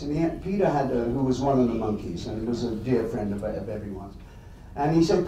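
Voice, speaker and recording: An English man from England telling anecdotes to an audience in an animated, chuckling way. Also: mid-range voice, fairly quick, very echoey, recorded from a distance, a little hiss or hum, rough recording. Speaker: guest storyteller.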